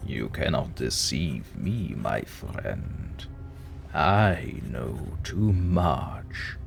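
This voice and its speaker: An actor playing a sinister undead count disguised as a coach driver, speaking in a slow, menacing, drawn-out manner in an audio drama. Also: male voice, rumbling low, sing-song, vocal fry, faint music behind, full character voice.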